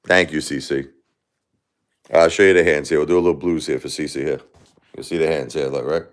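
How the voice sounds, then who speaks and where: Man, 40s, very deep voice, grieving live-stream host, rambling and confessional. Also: fairly even intonation, brisk, very noisy. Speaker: livestream host. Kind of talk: live-stream talk to viewers. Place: his home, alone.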